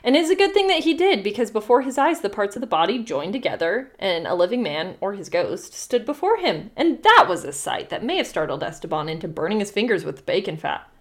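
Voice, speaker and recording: A young woman reads an old folktale aloud on a chatty podcast, her voice swooping up and down with amusement. She slips into playful voices for the characters and breaks off for casual banter. Her pitch sits in the middle but moves a lot. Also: big pitch swings, a little fast, hardly any pauses. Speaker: podcast co-host reading a folktale. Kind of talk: casual chat with story reading aloud.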